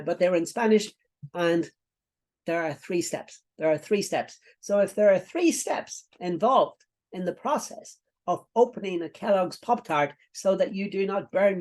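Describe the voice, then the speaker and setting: A man's voice: on the high side, a little mellow. A middle-aged man teaching a coaching lesson to camera, giving instructions with many fillers, repetitions and asides. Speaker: business coach.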